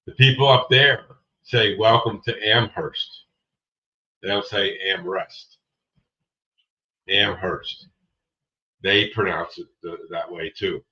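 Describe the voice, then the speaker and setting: This livestream host has a low, pushed, bright voice and sounds animated yet unhurried. He rambles casually, responding to viewers by name as he goes through their comments, and the lo-fi audio is dull, with the mic far from him.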